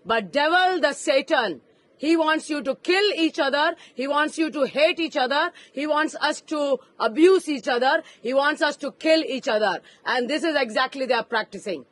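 A woman preaching outdoors in a park, speaking fervently into a handheld interview mic and rising to emphatic shouts. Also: high voice, normal speed. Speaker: street preacher. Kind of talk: impassioned street preaching.

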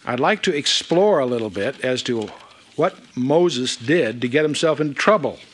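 A man's voice: mid-range voice, animated, normal speed, a bit bright, slight background noise. A man giving a verse-by-verse Bible teaching, reading scripture aloud with emphatic asides.

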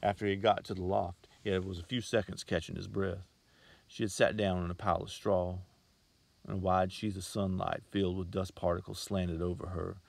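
Man reading a short story audiobook, husky low voice, steady pace, dead dry room. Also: moderate pace, no room sound. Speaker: narrator.

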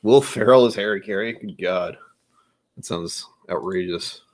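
A man's voice: low voice, measured pace, darkish tone, a little hiss or hum. A man hosting a casual livestream, a bit tipsy from whiskey, rambling with loose, self-mocking jokey asides. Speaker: livestream host.

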